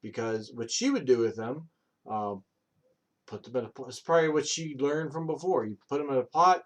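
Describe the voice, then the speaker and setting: A male streamer in his thirties talks fairly quickly in a mid-range voice. His casual chat is loose and rambling, packed with fillers and cursing as he tells stories.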